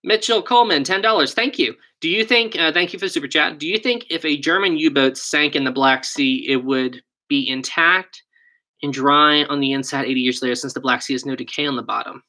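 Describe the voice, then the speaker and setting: His voice sits on the high side and moves fairly quickly, pushed and bright. A young man from West Virginia, he's casually streaming live, working through viewer questions, thinking aloud and chatting into a USB mic on his desk.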